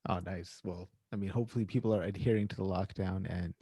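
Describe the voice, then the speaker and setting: A man hosting a casual online happy hour on a video call, relaxed and easygoing, often calling people "man". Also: sits low, fast, breathy edge, dry recording. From Canada. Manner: laid-back, says "man" often, fillers. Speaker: host.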